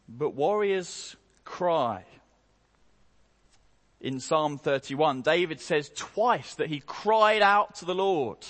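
Guy preaching a sermon, kinda high voice, slow n emphatic, big hall echo. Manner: slow, emphatic delivery with dramatic rises and quiet drops. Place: church hall. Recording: long hall reverb.

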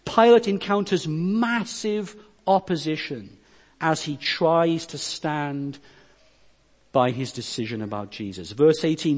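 High-voiced man preaching in a reverberant hall. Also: animated, measured pace, darkish tone. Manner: expository preaching, reading scripture aloud; dynamic delivery, rising and dropping in force. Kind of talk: sermon.

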